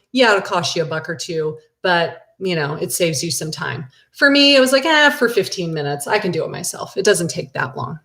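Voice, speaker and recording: A middle-aged woman, a real estate agent, teaching a casual live class and answering viewer questions in a chatty, animated way. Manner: chatty and animated, with big excited jumps in pitch.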